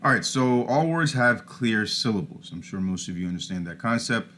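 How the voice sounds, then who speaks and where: A man's voice: lowish voice, expressive, moderate pace, fairly bright tone, a little hiss or hum. A man teaching a recorded lesson over slides, informal, often starting with "all right" and correcting himself.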